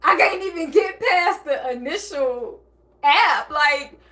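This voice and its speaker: A woman's voice: high voice, expressive, slow pace, bright, forceful tone. A woman vlogger speaking in an emotional, blunt and profane personal monologue, acting out bits of dialogue. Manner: emotional, near tears and laughing by turns.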